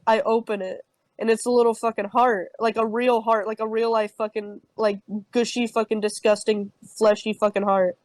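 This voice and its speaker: A woman's voice: fairly high pitch, dry recording, poor audio. A young woman telling an improvised comic campfire story on a podcast, rambling with heavy swearing and many fillers. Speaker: podcast co-host.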